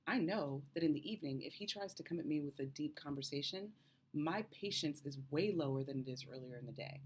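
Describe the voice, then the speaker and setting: A woman's voice: deep voice, brisk, darkish tone, breathy edge. A woman health coach in her thirties, explaining advice to camera and checking in with the viewer with a frequent "okay?".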